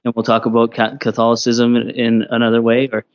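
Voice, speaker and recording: A Canadian man speaking as a podcast guest, relaxed and rambling with many restarts. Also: mid-range voice, fast talker, smooth, highs cut off. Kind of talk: casual interview.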